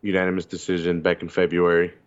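A man co-hosting a casual fight-sports podcast, talking excitedly and swearing casually. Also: low voice, fast, clear, resonant tone. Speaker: podcast co-host. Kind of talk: casual chat. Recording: slightly dull lo-fi sound.

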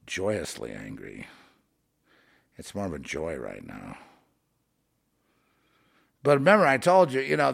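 A man rambling through a monologue, halting and repeating words, dropping to mutters and then rising into heated outbursts. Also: lowish voice, gravelly, a bit bright, husky.

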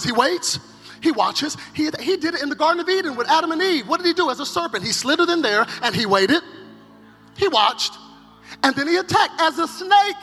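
High, lively preaching man in a hall. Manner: dramatic preaching, swinging from loud acted cries to hushed intensity. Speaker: pastor. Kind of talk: energetic sermon. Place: large conference hall. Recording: live sermon with hall reverb and faint music.

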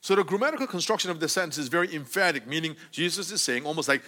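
A man delivering a conversational sermon in a church sanctuary. His voice sits fairly high and swings widely in pitch, and he keeps checking in with the congregation as he explains. A long hall reverb trails after his words. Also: racing. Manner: animated, often asking the congregation "right?". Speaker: preacher.

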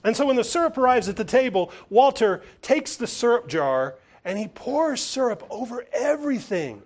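A man preaching a sermon who retells a story in an animated way, now and then restarting a phrase. His voice sits fairly high and swings widely in pitch as he speaks. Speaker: pastor.

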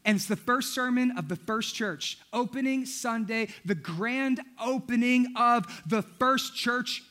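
Bright, high-voiced pastor preaching with gusto. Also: male voice, measured pace. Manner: storytelling, acts out quotes, shouts for emphasis. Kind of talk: energetic comedic sermon.

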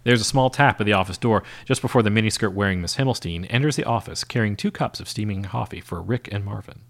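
A man narrating a novel aloud in a steady, measured storytelling manner. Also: lowish voice, vocal fry.

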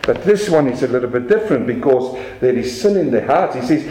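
A man preaching a sermon as pastor, animated, slowing down for emphasis and swinging his voice up and down to make his points. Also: roomy sound, low-quality recording. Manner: animated preaching with dramatic pitch swings and slow emphatic phrases.

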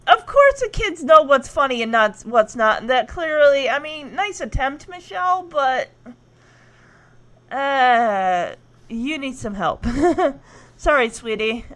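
A woman's voice: sits high, expressive, a little slow, a bit bright. Chatty, giggly woman recapping episodes. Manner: chatty, giggly, acts out the lines.

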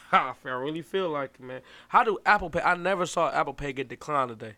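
A man's voice: a little high, fairly quick, sharp tone. A man co-hosting a podcast, telling a story in a laid-back, slangy way and laughing often. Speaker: podcast co-host. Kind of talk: casual chat.

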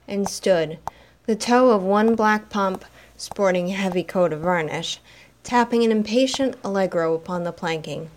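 A woman narrating a story in an expressive, dramatic reading style. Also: medium pitch, a little hiss or hum.

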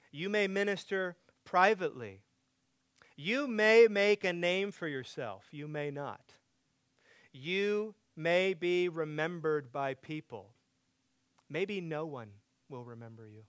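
Pastor, male, high voice, smooth and resonant, dry close sound, sermon delivery with big dynamic swings. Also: no echo. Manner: dynamic preaching, swinging from loud emphatic to hushed and quiet.

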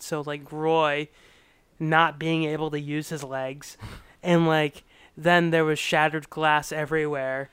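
Bright, giggly podcast host, man. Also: on the high side, slow, smooth, no room sound. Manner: giggly, animated retelling. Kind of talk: casual podcast chat.

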